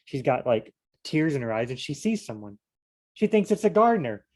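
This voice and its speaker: A man reading scripture aloud and commenting on it in a relaxed, chatty way, often wandering into asides and restarting his sentences. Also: mid-range voice, moderate pace. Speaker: Bible study vlogger.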